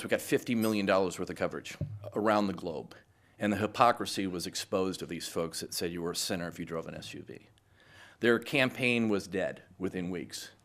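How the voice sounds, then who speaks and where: Middle-aged guy giving a talk, lowish voice, tells stories and does both sides of the dialogue. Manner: lively storyteller who acts out both sides of conversations. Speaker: guest speaker, PR executive. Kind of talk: anecdotal speech to a live audience.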